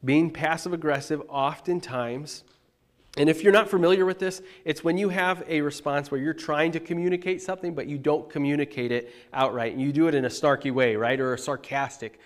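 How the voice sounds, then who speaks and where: A pastor delivers a conversational sermon directly to his congregation, animated and emphatic. His voice is on the high side, and he speaks fairly quickly.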